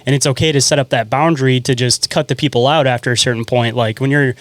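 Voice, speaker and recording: Quick-talking man, dry close sound. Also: mid-range voice, fairly even intonation, no room sound. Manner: earnest, profane, frequent "man" and "you know". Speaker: podcast host. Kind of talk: casual conversation.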